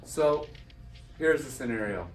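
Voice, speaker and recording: A man giving a lively personal storytelling talk to an audience, acting out the dialogue. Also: mid-range voice, measured pace. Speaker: speaker. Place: event hall. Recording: roomy sound from a distant mic.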